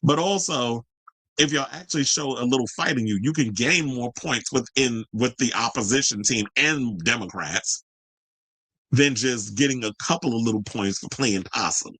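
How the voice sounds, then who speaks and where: A man's voice: medium pitch, normal speed, bright, forceful tone, no echo, poor audio. A man hosting a live-stream commentary show, ranting profanely and arguing straight with his viewers. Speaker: host.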